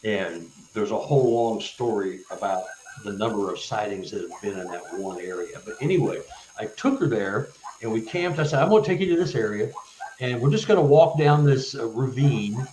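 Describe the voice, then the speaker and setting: Male guest storyteller, halting delivery with stuttered restarts, roomy echoey sound. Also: fairly low pitch, a little hiss or hum. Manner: halting, stuttered restarts, animated when retelling events. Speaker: guest, author. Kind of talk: casual storytelling in a live interview.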